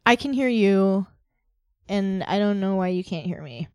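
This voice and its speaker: A woman's voice: mid-range voice, a little slow, smooth, no room sound, clean studio sound. A woman co-hosting a podcast in casual chat, telling stories with lots of laughter and casual swearing. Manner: animated storytelling, laughs often, swears casually. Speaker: podcast co-host.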